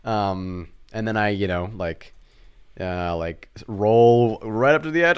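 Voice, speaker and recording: A young man with a fairly low voice tells a childhood story with lively self-mockery. His delivery is casual and chatty, and he slips into his family's voices as he goes. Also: measured pace, clean tone. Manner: animated, self-mocking storyteller who acts out family voices. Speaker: podcast co-host.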